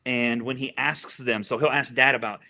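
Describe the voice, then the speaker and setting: Bright-voiced middle-aged man telling a story. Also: medium pitch, steady tone, normal speed. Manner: earnest, repeats words while searching for them. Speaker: family therapist guest. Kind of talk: conversational storytelling in an interview.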